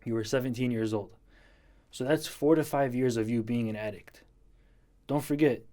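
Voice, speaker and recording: A man's voice: medium pitch, dark tone. A man giving blunt, earnest advice to a viewer in a casual vlog, repeating his points for emphasis. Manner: blunt, tells it like it is.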